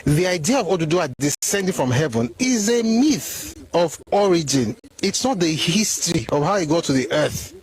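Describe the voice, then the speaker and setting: A man's voice: fairly high pitch, expressive, moderate pace, rough recording. A man from Ife with a Nigerian Yoruba accent, giving a heated, indignant monologue with combative repetition. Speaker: commentator.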